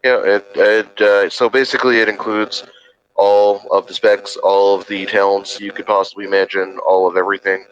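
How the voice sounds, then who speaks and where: A man's voice: fairly low pitch, little pitch movement, brisk, few pauses, a bit bright, lo-fi sound. A man guesting on a gaming chat, speaking matter-of-factly with dry humor. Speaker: guest player. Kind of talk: casual chat.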